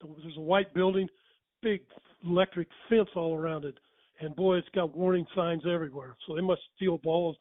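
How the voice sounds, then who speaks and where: A man's voice: fairly high pitch, steady tone, moderate pace, no echo. An older man telling stories casually, rambling and correcting himself as he goes. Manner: rambling, self-correcting, chuckling. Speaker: storyteller. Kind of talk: casual storytelling. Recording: tinny phone-like sound.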